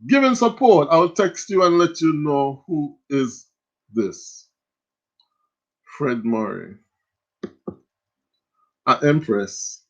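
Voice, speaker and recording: A man's voice: medium pitch, extremely slow, long pauses. A man with a Jamaican accent hosting a live quiz stream, joking and reading viewer comments aloud. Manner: animated, joking, reads chat comments aloud. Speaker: quiz host. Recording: lo-fi stream audio.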